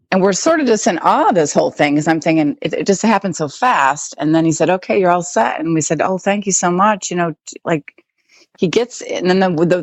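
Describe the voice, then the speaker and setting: Brief: American woman guest, very low pitch, dry close sound, casual chatty storytelling. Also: no room sound. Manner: chatty, with many likes and restarts. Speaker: interview guest.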